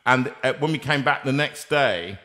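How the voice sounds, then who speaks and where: Male host, bright punchy voice, teasing and chatty. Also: medium pitch, normal speed. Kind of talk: casual interview chat.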